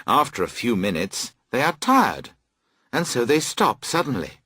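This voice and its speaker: A man reads a classic story aloud for learners, slow and deliberate, his pitch swinging widely to dramatize each turn. His voice is husky and recorded dry and close. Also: no echo. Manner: slow, clear, very expressive. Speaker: audiobook reader. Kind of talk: scripted storybook narration for learners.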